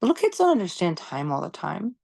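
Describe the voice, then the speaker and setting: Candid woman with a lowish voice, emphatic. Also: huge pitch swings, a little fast, gravelly, a little mellow, slightly rough. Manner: candid, emphatic, swears freely; conversational, lots of "you know" and "right?". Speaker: podcast host. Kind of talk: casual monologue on parenting.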